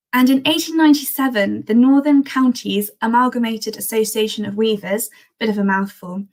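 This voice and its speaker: A woman presenting a history talk on old newspaper archives in a chatty, enthusiastic way, with frequent ums and restarts. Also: fairly high pitch. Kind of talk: live-streamed history talk.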